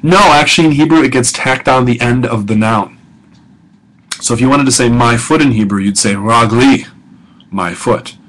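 A man teaching a biblical Hebrew grammar lesson in a relaxed, conversational way, asking rhetorical questions and often filling pauses with "um" and "okay.". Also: medium pitch, rough recording. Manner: conversational, asks rhetorical questions, frequent ums and okays, chuckles. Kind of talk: recorded lecture audio guide.

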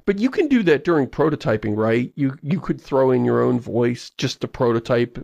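A man hosting a podcast in casual, chatty talk with quick asides. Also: medium pitch, expressive, vocal fry, darkish tone, no echo, lo-fi sound. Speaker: podcast host.

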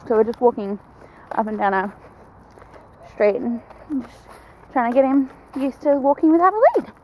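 A woman's voice: fairly high pitch, animated, moderate pace, dull audio, a little hiss or hum. A young woman chatting casually in a vlog, giggling often and talking in baby talk to her dog. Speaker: vlogger. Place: walking outdoors on a street, later in bed at home.

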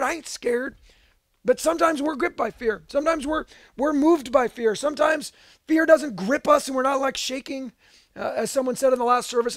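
High-voiced man preaching a sermon. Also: no room sound. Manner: earnest and emphatic, with casual asides and bursts of raised voice. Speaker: pastor.

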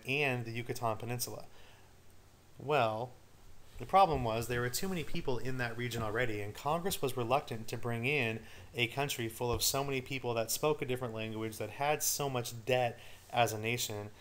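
Guy teaching history, chatty lecture w/ little jokes, mid pitch voice. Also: a bit bright. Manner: casual, joking asides to students. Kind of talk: recorded study-guide lecture.

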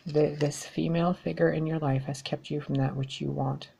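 A woman's voice: low voice, flat delivery, moderate pace, vocal fry, dark tone, breathy edge. A woman giving a tarot reading in a blunt, exasperated way, swearing freely as she talks to her viewers. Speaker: tarot reader.

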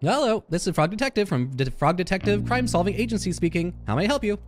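A man's voice: sits high, lively intonation, fast talker, noisy background. A man voicing an earnest, slightly dramatic little frog detective in a game.

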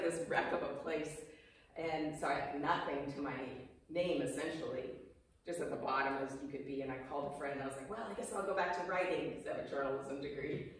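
A woman in her fifties giving a personal, emotional talk to a small audience, acting out quoted dialogue as she goes. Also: deep voice. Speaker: speaker giving a presentation. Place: apartment clubhouse room. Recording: echoey room, mic far off.

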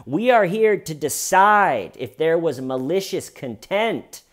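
A man's voice: a little high, expressive, slow, pitched above the performer's own voice. A man mimicking a pompous courtroom lawyer addressing a jury with theatrical oratory.

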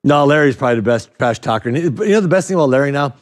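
A man's voice: medium pitch, rapid-fire. A man telling playful stories about a former teammate in a casual interview, laughing often. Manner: laughing often, animated storyteller.

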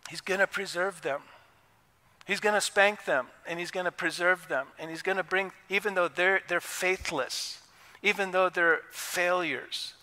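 A man preaches with a high, bright, ringing voice, talking to the congregation in an impassioned, conversational way. His words trail into a long reverb from the church hall around him. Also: steady tone, measured pace. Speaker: pastor. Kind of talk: sermon. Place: church sanctuary.

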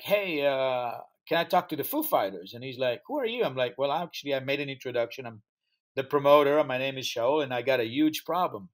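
A man with a mid-range voice, the founder of a music festival, shares an interview anecdote energetically. He performs the quoted dialogue in slightly non-native English.

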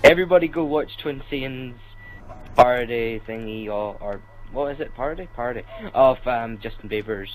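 A man's voice: mid-range voice, moderate pace, a little hiss or hum, low-quality recording. A young man in a casual gaming chat, teasing and rambling as he explains things. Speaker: gamer.

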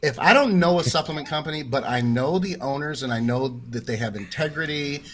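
A man's voice: on the high side, a little fast, slight background noise, rough recording. A man co-hosting a casual podcast, giving his personal opinion in an earnest, emphatic way. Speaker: podcast co-host, coach.

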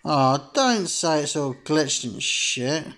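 A man's voice: a little high, animated, slow, a bit bright. A man giving casual, rambling let's-play commentary as a gaming YouTuber, swearing freely and padding his talk with fillers.

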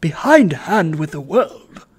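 A man voicing a pompous, self-righteous wealthy old gentleman in a storybook reading, speaking slowly and loftily. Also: a little high, animated, gravelly, exaggerated voice. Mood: indignant. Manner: slow, lofty, emphatic. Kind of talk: audiobook reading.

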